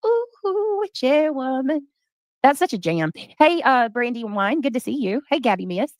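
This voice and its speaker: A woman's voice: fairly high pitch, lively intonation, brisk, dry recording, clean studio sound. A woman hosting a casual livestream, greeting chatters by name. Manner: greets chatters by name, breaks into bits of song. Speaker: livestream host.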